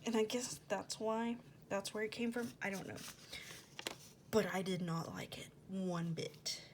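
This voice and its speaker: A woman's voice: medium pitch, unhurried, background noise. A young woman vlogger chatting casually at home, animatedly retelling a story with lots of "like" and quoted back-and-forth. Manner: drops to a soft near-whisper while working. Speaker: planner vlogger. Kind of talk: casual storytelling while decorating a planner.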